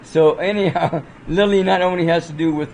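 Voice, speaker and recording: A man's voice: fairly high pitch, fairly even intonation, normal speed, darkish tone, slight background noise, low-quality recording. Rambling man casually reviewing movies. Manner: rambling, full of fillers and restarts.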